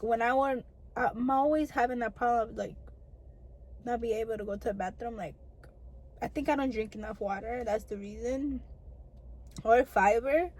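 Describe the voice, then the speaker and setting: A young woman talks to her camera in a loose, chatty storytime manner. Her voice sits a little high, and she sprinkles "like" and "girl" through her sentences as she goes. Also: a little mellow, poor audio. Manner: chatty, lots of "like" and "girl" fillers. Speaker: vlogger. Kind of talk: casual storytime chat to camera.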